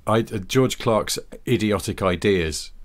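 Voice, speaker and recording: A man's voice: lowish voice, measured pace. A man co-hosting a comedy podcast, talking in a rambling, casual way full of 'sort of'. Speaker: podcast co-host.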